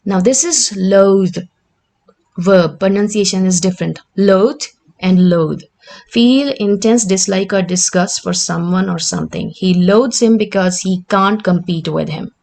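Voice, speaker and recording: A woman's voice: medium pitch, moderate pace, creaky, few pauses, a little mellow. A woman, teaching the meaning and pronunciation of word pairs and checking in often with "right?". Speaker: English teacher. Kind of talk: explanatory vocabulary lesson.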